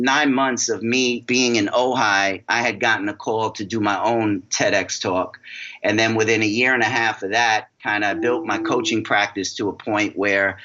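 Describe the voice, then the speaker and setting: A man's voice: fairly low pitch, muffled recording. A middle-aged man from New York with a New York accent, telling his story energetically as a podcast guest. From New York City. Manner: energetic, animated storyteller acting out quoted voices. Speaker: guest, success coach.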